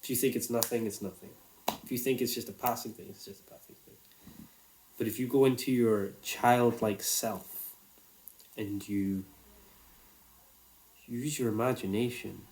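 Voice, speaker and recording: A man's voice: medium pitch, fairly even intonation, normal speed, long pauses, darkish tone, a little hiss or hum. A man, telling a personal story in a casual, reflective way, swearing freely.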